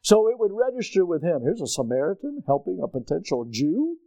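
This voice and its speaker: A middle-aged male pastor preaches with a mellow voice pitched a little high. He presses his points, asks the congregation questions, and surges loud when he drives a point home. The sound is close and dry. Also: sing-song, a little fast, creaky, few pauses, no room sound. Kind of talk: preaching a sermon.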